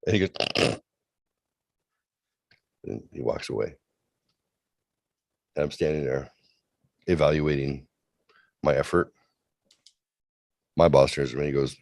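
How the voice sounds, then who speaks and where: A man's voice: very deep voice, a little slow, vocal fry, long pauses, a little mellow, dry recording. A man co-hosting a comedy show over a remote call, telling a bawdy story and acting out the other people's lines with playful relish. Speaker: co-host. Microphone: remote video call.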